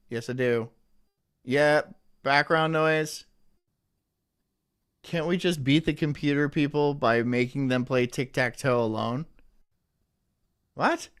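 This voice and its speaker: Rambling, crude-joking male streamer. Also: on the high side. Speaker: livestream host. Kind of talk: casual live-stream chat.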